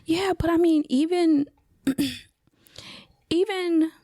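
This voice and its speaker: A woman's voice: very high voice, takes it slowly, mellow, no room sound, studio quality. A woman speaking as a podcast guest and therapist, telling a story casually with many fillers and frequent laughter. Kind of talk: casual conversation.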